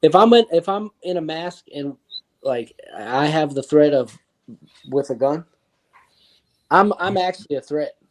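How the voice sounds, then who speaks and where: A man's voice: on the high side, expressive, unhurried, long pauses. A man in a casual chat, talking in an aggrieved, laid-back way and saying "dude" a lot. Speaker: podcast guest.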